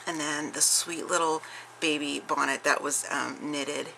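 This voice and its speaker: A woman's voice: deep voice, fairly even intonation, unhurried, creaky, sharp tone, a little hiss or hum, poor audio. A middle-aged woman showing off a craft haul in chatty show-and-tell style, gushing over each piece with many fillers and restarts. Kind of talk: casual show-and-tell chat.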